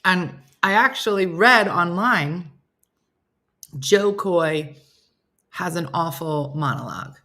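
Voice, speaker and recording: Chatty low-voiced woman hosting a live show. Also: animated, takes it slowly, long pauses, sharp tone. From United States. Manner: chatty, self-mocking, talks to viewers by name. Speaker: host of a morning live show. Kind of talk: casual live-stream chat reading comments.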